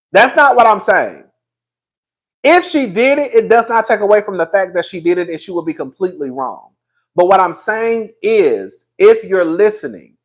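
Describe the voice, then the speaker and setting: A young man hosting casual gossip commentary, animated and profane, laughing often. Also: high voice.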